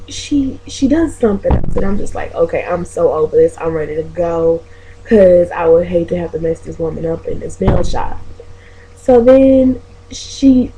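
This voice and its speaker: A woman's voice: medium pitch, mellow, rough recording. A woman vlogger telling a story to her viewers in a chatty, profane way, calling them y'all. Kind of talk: casual storytelling vlog.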